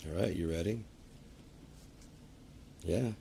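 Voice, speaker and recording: Very deep gravelly-voiced man rambling. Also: slow pace, warm tone, a little hiss or hum. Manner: profane, drawling, loose trailing sentences. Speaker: streamer. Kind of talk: rambling casual monologue.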